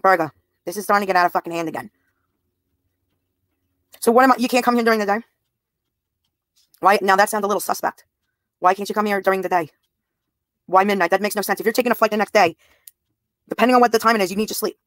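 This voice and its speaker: A woman's voice: medium pitch, fast talker, pauses often, dry recording. A woman in her thirties livestreaming, talking bluntly and profanely straight to her viewers' comments. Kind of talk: live stream talk to chat.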